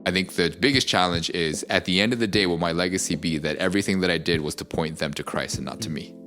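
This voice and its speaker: A middle-aged man with a very low voice, a pastor chatting casually on a podcast. He talks in a reflective, storytelling way, pausing on fillers as he thinks. Faint music sits underneath. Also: a bit bright.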